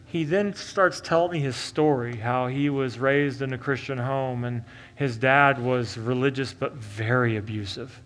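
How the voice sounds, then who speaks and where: A male pastor from Oklahoma telling a story in a sermon, animated and swinging from loud to hushed and earnest. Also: mid-range voice, unhurried.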